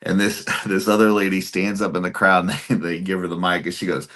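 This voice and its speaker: A man's voice: low-pitched, little pitch movement, a little fast, a bit bright. A man in his thirties telling funny stories in a casual chat, laughing often. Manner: storytelling, giggles often.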